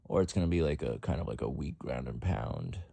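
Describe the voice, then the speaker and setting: Low gravelly man giving fight picks. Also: expressive, fairly quick, warm tone, no echo. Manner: rambling, profane, lots of fillers. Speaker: MMA fight predictor. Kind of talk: casual vlog commentary.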